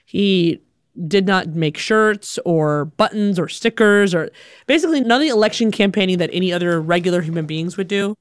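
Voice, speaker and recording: A young woman from Alabama telling a funny personal story in an animated, conversational, self-deprecating way. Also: fairly low pitch, normal speed, no echo, clean studio sound. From Alabama, USA. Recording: music playing underneath.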